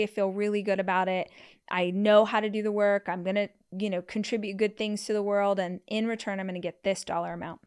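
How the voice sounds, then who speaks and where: A woman in her thirties, a podcast host, telling personal stories in a casual way, acting out what people said with big jumps in her voice and lots of "like" fillers. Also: smooth. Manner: animated, acts out quotes with big pitch jumps; frequent "like" fillers. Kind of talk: casual storytelling.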